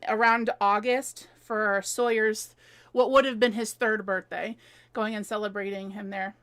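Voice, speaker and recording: A woman's voice: high-pitched, a bit bright. A woman in her thirties hosting a live stream from her home, chatting casually, answering viewer comments and laughing often.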